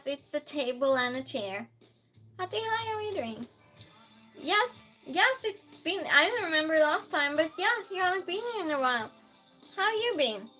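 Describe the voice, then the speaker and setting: A woman with a high-sitting voice hosts a live stream and chats casually. She reads viewer comments aloud and shouts greetings to her regulars.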